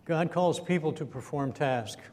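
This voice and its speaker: Chatty and chuckling now and then, a preacher keeps asking his listeners questions during a conversational sermon. His darkish voice is unhurried, recorded in an echoey hall with a faint rumble.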